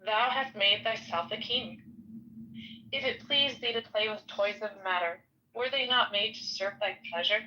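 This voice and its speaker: A woman slowly reading an old ritual text aloud in a solemn way, stumbling now and then over hard names. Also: medium pitch, bright, forceful tone, muffled recording, a little hiss or hum.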